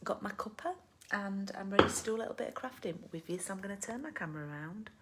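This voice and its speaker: Heavy background noise surrounds a woman from the UK hosting a live card-making stream through a laptop or phone camera mic. Her mid-range voice has lively intonation and a quick pace, and she chats casually in British English, rambling with lots of ums and asides.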